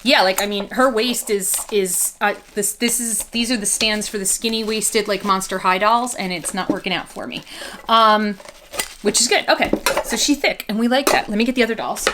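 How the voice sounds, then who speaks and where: A woman's voice: mid-range voice, normal speed, noisy background. A woman doll collector vlogging casually, chatty and goofy, rambling between reviewing a doll and telling a family story.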